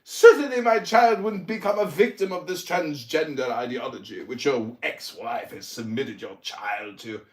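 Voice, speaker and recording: A man's voice: mid-range voice, moderate pace, few pauses, reverberant, voice pushed down, natural voice. A man putting on a mock English accent, playing a pompous, indignant ranter who swears theatrically in a comic roast. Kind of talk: comic roast in an audio chat room.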